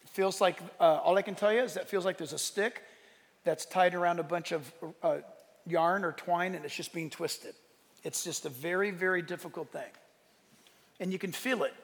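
High, gravelly-voiced man preaching. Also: normal speed, long reverb tail. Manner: animated preaching, bursts of shouted emphasis. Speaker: pastor. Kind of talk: sermon.

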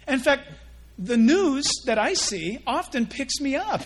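A male pastor preaching a sermon in an animated way, acting out mock dialogues. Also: very high-pitched, measured pace.

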